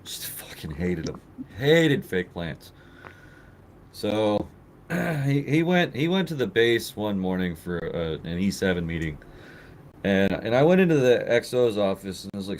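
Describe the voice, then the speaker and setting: Animated man telling a rowdy story. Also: fairly low pitch, normal speed, long pauses, a little hiss or hum, poor audio. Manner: animated, laughs often, acts out quotes. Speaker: podcast co-host telling a story. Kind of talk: casual storytelling with profanity.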